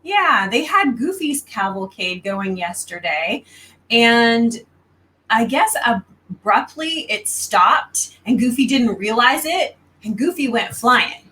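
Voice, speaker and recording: Brief: easygoing female co-host, bright forceful tone, giggly, not a big talker. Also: fairly high pitch, expressive, takes it slowly. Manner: laid-back, laughs easily, says she is not much of a talker. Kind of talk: casual live chat.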